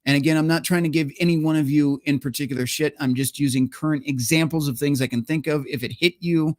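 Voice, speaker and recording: A man's voice: fairly high pitch, steady tone, quick pace, no room sound, studio quality. A man hosting a solo livestream, ranting in a heated, profane and emphatic way and reading viewer chats. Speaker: livestream host.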